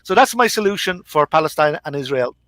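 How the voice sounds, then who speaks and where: A man's voice: a little high, lively intonation, fairly quick, fairly bright tone, no room sound. A man teasing and mocking others in a casual live-stream panel chat. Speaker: panel guest.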